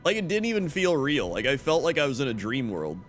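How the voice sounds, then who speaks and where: Brief: young male streamer, mid-range voice, lively animated swings, swears freely, faint game music underneath. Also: medium pitch, quick pace. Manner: profane, rambling storyteller. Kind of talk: casual chat.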